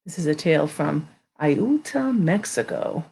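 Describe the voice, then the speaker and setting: A woman's voice: low-pitched, animated, measured pace, vocal fry, warm tone, slightly rough. A woman hosting a live story time, chatting with viewers and then reading a children's tale aloud expressively. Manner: chatty, greets viewers by name, reads expressively. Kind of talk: casual live-stream chat and read-aloud.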